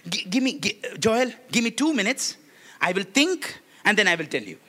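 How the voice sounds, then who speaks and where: A male preacher playing God in a playful sermon sketch, talking in an unhurried way. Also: sits high, very animated, sharp tone, exaggerated voice. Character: God pausing to think, calm male deity.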